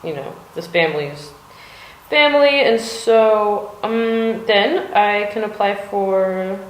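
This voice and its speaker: An American woman talking in a loose, rambling way, full of fillers and the occasional curse. Her voice sits at an ordinary middle pitch. The room around her is bare and echoey, like a chilly home art studio. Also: takes it slowly, a little hiss or hum. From United States. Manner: chatty and rambling, swearing, with many fillers. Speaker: vlogger. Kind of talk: rambling casual chat.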